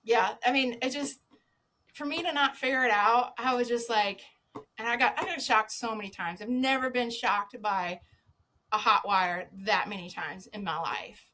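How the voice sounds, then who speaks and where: Lively, slightly high woman telling a story. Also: moderate pace. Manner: lively storyteller, swears freely, laughs often. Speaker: podcast guest, former zookeeper. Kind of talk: casual anecdote telling.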